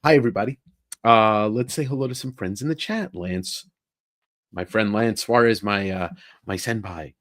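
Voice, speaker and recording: Deep-voiced guy livestreaming from a tiny room, jokey and rambly, dry close mic. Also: normal speed, dry recording. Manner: rambling, jokey, greets chat by name. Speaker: live-stream host. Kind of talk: casual live-stream chat. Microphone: own travel microphone.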